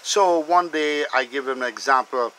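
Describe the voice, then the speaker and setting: A man's voice: mid-range voice, normal speed, sharp tone, slight background noise, rough recording. Upbeat man cooking and chatting. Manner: chatty, enthusiastic, calls the food "bad boy". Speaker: cooking channel host. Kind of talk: casual cooking demonstration with storytelling.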